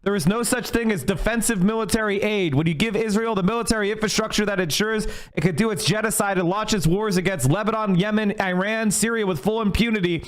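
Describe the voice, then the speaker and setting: Angry high-voiced male political ranter. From United States. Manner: angry, profane, fired up. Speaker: streamer. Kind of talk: political rant.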